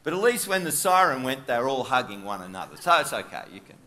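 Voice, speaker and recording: Bright, animated Australian man preaching. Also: medium pitch, fast talker, slight background noise. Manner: chatty, with frequent asides and fillers. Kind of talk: conversational sermon storytelling.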